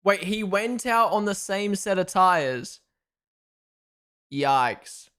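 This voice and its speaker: The speaker is a man whose voice is high and clean, and he takes his time. Hosting a live race watchalong, he's excitable and talkative, reacting to events, reading out viewer comments, and thanking followers.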